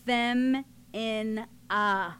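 A woman's voice: on the high side, extremely slow, a bit bright, clean tone. A woman co-hosting a casual talk show, chatty and self-deprecating, with giggles. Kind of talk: casual chat.

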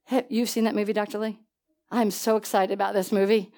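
A woman preaching a sermon in an animated way, with laughing asides and questions to the congregation. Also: mid-range voice, a little fast.

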